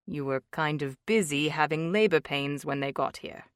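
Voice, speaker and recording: A woman reading an audiobook, voicing a gentle, playful young husband in a lowered voice. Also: normal speed, clear, resonant tone, dry recording, clean studio sound, lightly acted. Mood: teasing. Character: tender joking young husband, man. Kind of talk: audiobook character voice.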